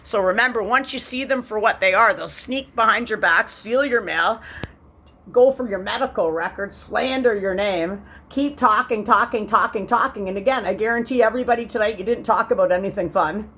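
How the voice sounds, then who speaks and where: A woman's voice: medium pitch, moderate pace, sharp tone, slightly rough. A woman from Canada delivering a bitter, profane rant to camera. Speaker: vlogger. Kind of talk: angry monologue to camera.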